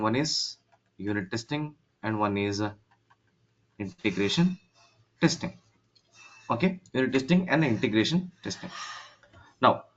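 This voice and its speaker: A man teaching an online class, talking haltingly with many fillers and restarts over a video call. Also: mid-range voice, a bit bright. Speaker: instructor. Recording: dull lo-fi call audio.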